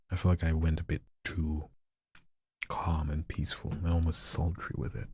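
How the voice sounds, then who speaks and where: A man doing voice practice on a livestream, reading viewer scripts in a slow hushed delivery that slips into whispers, and chatting with viewers between reads. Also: low-pitched, flat delivery, husky, no echo, clean studio sound. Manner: chats to viewers in between reads, quicker and louder. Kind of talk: live practice reading of viewer scripts, mixed with casual chat.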